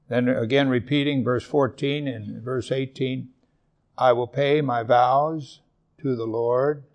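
A male pastor preaching to his congregation in a gravelly, mid-pitched voice. He speaks earnestly, slowing down to dwell on scripture lines and repeating them for emphasis. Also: a little mellow. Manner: earnest, slows down to stress scripture, repeats verses. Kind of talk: sermon.

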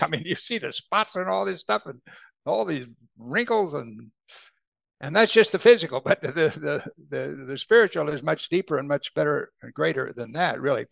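A man preaching a conversational sermon who grows animated when he quotes scripture. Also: on the high side, moderate pace, creaky, no room sound. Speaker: pastor.

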